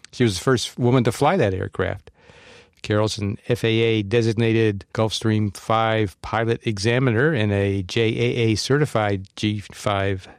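A man's voice: lowish voice, dry recording, clean studio sound. A man hosting a podcast, reading introductions and laughing easily in casual chat. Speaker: podcast host.

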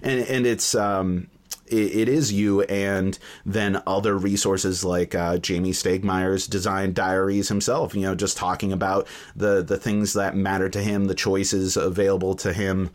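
A man's voice: deep voice, level tone, measured pace. A man interviewing a guest in casual conversation, enthusiastic and encouraging, with lots of fillers. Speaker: podcast interviewer.

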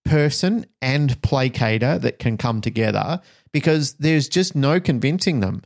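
A man, a dog trainer co-hosting a podcast, telling a story in blunt, animated talk and acting out what people said. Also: medium pitch, a little slow, gravelly. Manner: animated storytelling, acts out quoted dialogue, blunt and swearing. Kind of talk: casual podcast chat.

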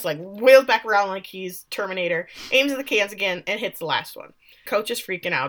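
Female co-host, chatty and playful, bright voice. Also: medium pitch, lively intonation, normal speed. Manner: chatty, laughing, acts out quotes. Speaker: podcast co-host. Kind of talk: casual recap chat.

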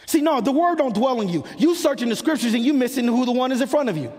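High-voiced preacher in a reverberant hall. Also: male voice, animated, fast talker, darkish tone. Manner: impassioned, rhythmic preaching cadence. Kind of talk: sermon. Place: church sanctuary.

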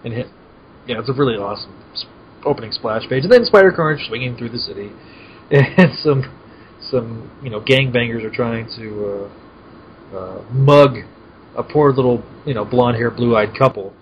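A man's voice: medium pitch, moderate pace, slight background noise. A man co-hosting a podcast, casually summarizing a comic, easygoing and chuckling, stumbling over names. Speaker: podcast co-host. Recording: dull lo-fi mic, faint ambience.

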